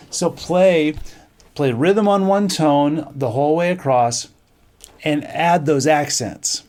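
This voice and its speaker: A middle-aged band director teaching a music lesson, counting off beats and singing rhythms on syllables. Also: male voice, a little high, unhurried, a little mellow.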